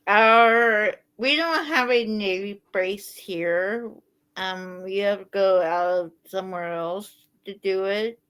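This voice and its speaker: Slow, smooth-voiced woman. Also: medium pitch, fairly bright tone. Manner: slow, hesitant, with fillers. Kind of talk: casual chat on a livestream.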